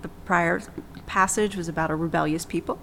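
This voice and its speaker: A woman hosting a faith discussion, speaking calmly and reflectively and reading from scripture. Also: fairly low pitch, brisk, slight background noise, low-quality recording. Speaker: podcast host.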